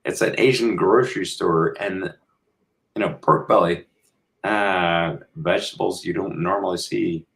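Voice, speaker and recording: A man's voice: sits low, steady tone, a little slow, vocal fry, fairly bright tone. An American man chatting as a guest on a video call, rambling and full of fillers and restarts. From United States. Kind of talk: casual chat.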